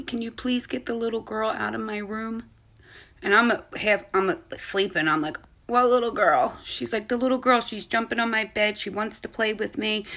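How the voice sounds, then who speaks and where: Woman, 30s, casual animated storyteller, mid pitch. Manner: animated, swears when excited. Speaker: parent telling a story.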